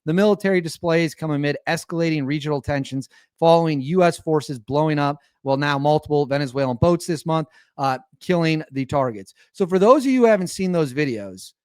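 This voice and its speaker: A man's voice: fairly high pitch, lively intonation, brisk, few pauses, clear, resonant tone, dry recording, studio quality. A young man hosting an opinionated commentary show, talking in an incredulous and mocking way. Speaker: commentary host.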